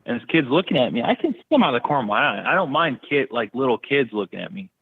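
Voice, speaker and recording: A man's voice: medium pitch, sing-song, fast talker, gravelly, breathy edge. Man, interview guest, casual storytelling, blunt, crude jokes, tinny phone-line sound.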